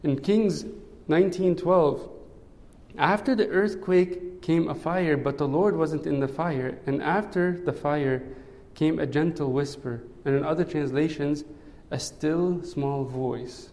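A man's voice: fairly high pitch, measured pace, darkish tone. A man preaching a sermon in a conversational way, often checking in with "right?". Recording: long hall reverb.

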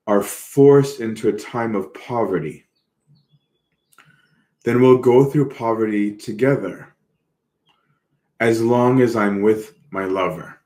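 A man's voice: on the low side, darkish tone, echoey room. A man giving an earnest, reflective sermon, repeating words as he goes. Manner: earnest, reflective, slow with repetitions. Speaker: preacher.

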